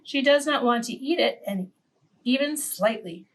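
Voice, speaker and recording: Brief: a woman reading aloud at story time for little kids, with a fairly high voice, lively, quizzing her listeners. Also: unhurried. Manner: animated, questioning the listeners. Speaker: children's story reader. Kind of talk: reading a picture book aloud to preschoolers.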